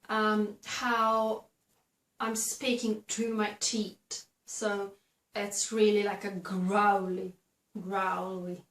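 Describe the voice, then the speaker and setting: Woman host, unhurried talk to camera with lots of ums and restarts, roomy echo. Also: medium pitch. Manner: slow, halting, many fillers and restarts. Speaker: video host giving advice. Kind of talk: casual instructional talk to camera. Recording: echoey room.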